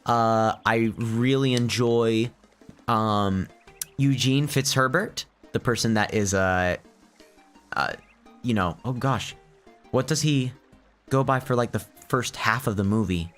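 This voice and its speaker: A man's voice: medium pitch, takes it slowly, a bit bright, faint music behind. A young man giving casual gameplay commentary, rambling and hesitant, often restarting his sentences. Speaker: let's play host.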